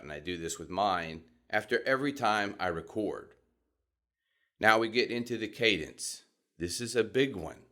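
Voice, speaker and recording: A middle-aged man with a Southern US accent, teaching voice technique in a calm, measured, deliberate way. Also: sits low. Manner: calm, measured and deliberate, demonstrating vocal examples. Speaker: voice coach. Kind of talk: instructional talk.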